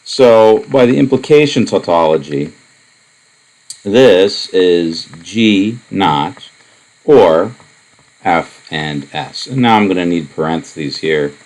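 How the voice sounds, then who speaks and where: A man lecturing on propositional logic, explaining in a relaxed, wandering way with many asides and fillers. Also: sits low, rough recording. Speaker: math lecturer. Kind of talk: recorded lecture.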